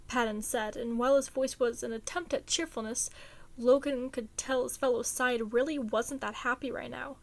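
High-voiced woman reading fan fiction. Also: normal speed. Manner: casual, chatty, expressive.

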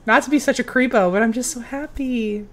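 A young woman giving casual, excitable commentary while playing a video game, cheering on her character. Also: fairly high pitch, brisk. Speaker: game streamer.

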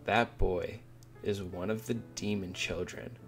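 A man reading aloud the lines of a cold, composed woman visitor from a manga, in nearly his own low voice. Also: steady tone, takes it slowly, soft background music. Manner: read aloud from a manga, barely acted.

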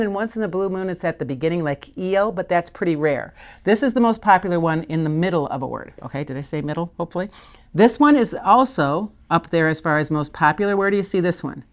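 A woman with a slightly low voice leads a recorded spelling lesson. She talks through patterns conversationally and keeps checking in with her learners to encourage them. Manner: encouraging, conversational teaching with frequent check-ins. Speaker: literacy teacher. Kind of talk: instructional video lesson.

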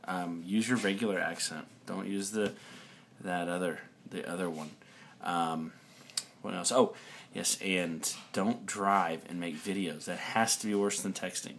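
Low-voiced man rambling with many fillers. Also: fairly even intonation, measured pace, creaky, a bit bright, slight background noise. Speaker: video blogger discussing a Bible passage. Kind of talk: casual talk to camera. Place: indoors, dim room. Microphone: camera mic, looking at camera.

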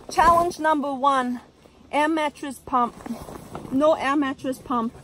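A woman with a high voice speaks slowly to her camera from inside a tent in a forest. She talks in a dramatic, exclaiming way, as vloggers do. A faint hiss of noise sits behind her. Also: bright, forceful tone. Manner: exclaiming, dramatic, keeps saying oh my gosh. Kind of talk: casual vlog to camera.

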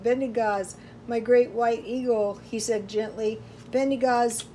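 A woman reading a storybook aloud in slow, measured narration. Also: a little high, darkish tone, slight background noise, rough recording. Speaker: audiobook reader.

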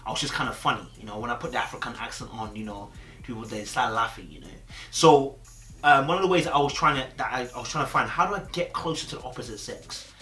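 A man's voice: mid-range voice, quick pace, bright, forceful tone, echoey room. A young man talking casually to camera, chatty and streetwise, often checking in with "you understand?". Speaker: host.

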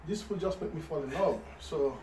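High-voiced man joking through a mukbang. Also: moderate pace, mellow, slight background noise. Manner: playful, mock-earnest, laughing. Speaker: co-host playing a visitor. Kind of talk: joking skit banter. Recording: roomy sound from a distant mic.

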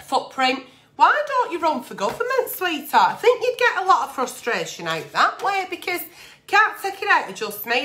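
A woman gives agony-aunt advice with a forceful, bright edge to her voice. She talks in a blunt, sweary, animated way. Her pitch sits a little high. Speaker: agony aunt answering letters. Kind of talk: candid advice vlog.

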